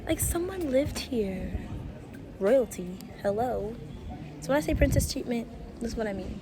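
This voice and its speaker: A woman's voice: on the high side, animated, unhurried, pauses often, music in the background. A woman travel vlogger chatting playfully to her viewers while touring a palace site outdoors on a handheld camera. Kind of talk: casual travel vlog chat. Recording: outdoor ambience and passing vehicle noise.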